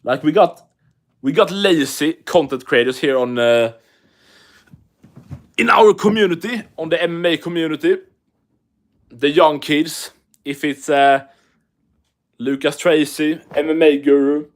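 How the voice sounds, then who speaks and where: Swedish man streaming, slow and unhurried. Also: a little high. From Sweden. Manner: profane and joking, reads chat aloud. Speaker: MMA livestreamer. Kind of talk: casual livestream chat.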